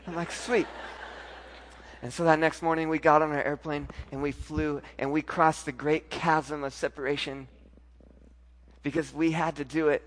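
A pastor in his thirties preaching a sermon, his slightly higher-pitched voice carrying an emotional personal story. He swings from loud, excited outbursts down to hushed, tearful passages. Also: normal speed, big-room sound, a little hiss or hum.

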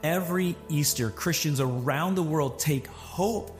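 A man's voice: on the high side, a little slow, soft background music. A man, a pastor, speaking in an encouraging, earnest way in a conversational sermon.

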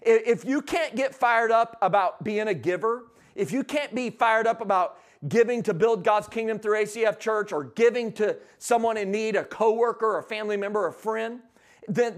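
A man preaching a sermon in an energetic, emphatic way. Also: high voice. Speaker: guest preacher.

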